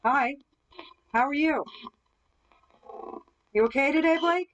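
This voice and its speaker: A woman's voice: high voice, takes it slowly, a bit bright, dull audio. A woman running a live-stream ghost hunt, asking spirits questions through a spirit box and answering viewer comments. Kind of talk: live-stream paranormal session. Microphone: device-heavy setup with a spirit box.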